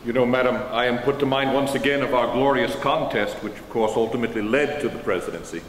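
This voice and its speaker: A man's voice: medium pitch, quick pace, reverberant, in a large hall, slight background noise, low-quality recording. A man interpreting a historical general on stage, speaking in formal eighteenth-century phrasing, recorded in a large auditorium. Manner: formal 18th-century diction. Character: General George Washington, dignified older statesman. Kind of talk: first-person historical portrayal.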